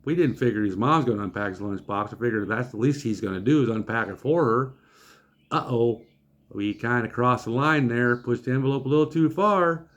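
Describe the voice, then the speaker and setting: A man hosting his own channel, telling a story in a casual, animated and joking way with a folksy manner. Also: medium pitch.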